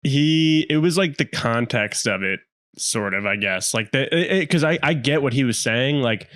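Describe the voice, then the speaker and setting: A man co-hosting a podcast in casual chat, halting and restarting his words often. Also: medium pitch, animated, a bit bright, no echo, clean studio sound. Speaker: podcast co-host.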